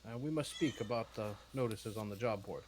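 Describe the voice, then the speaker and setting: A man playing his character at a tabletop game, wry and measured with many fillers. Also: lowish voice, low-quality recording. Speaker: player.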